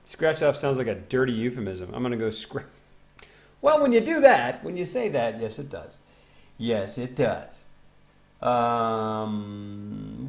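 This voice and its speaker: A man's voice: mid-range voice, sing-song, slow pace, creaky, long pauses. A man in his twenties chatting casually with his live-stream audience while gaming, rambling, reading chat aloud and breaking into silly sing-song bits. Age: 20s.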